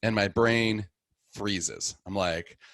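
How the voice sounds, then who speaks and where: A middle-aged man, a guest on the show, casually telling the story of his conversion with animated delivery, acting out each person in it. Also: on the low side, slow, dry recording.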